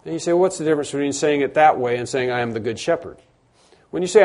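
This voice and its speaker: A middle-aged man delivers a sermon in a warm, mellow voice. He speaks earnestly, circling back and repeating key words to stress them. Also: mid-range voice, expressive, fast talker. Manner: earnest, repeats and restarts for emphasis. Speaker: pastor.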